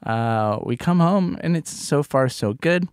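A man co-hosting a podcast, telling a painful personal story in a halting way, often restarting and dropping his voice low. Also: lively intonation, no echo, clean studio sound. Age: adult parent of a small child. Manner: halting, restarts sentences, drops to soft tones. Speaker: podcast co-host.

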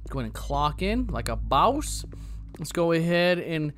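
A man giving jokey, animated commentary while playing a horror game. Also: on the high side, moderate pace, a little hiss or hum. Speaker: gaming video creator. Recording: loud game music behind voice.

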